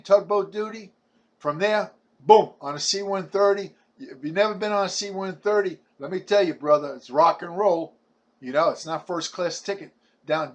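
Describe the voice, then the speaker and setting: A man, delivering a blunt, combative ranting monologue full of stumbling restarts. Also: sits high. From Brooklyn, New York. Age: 70s. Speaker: vlogger.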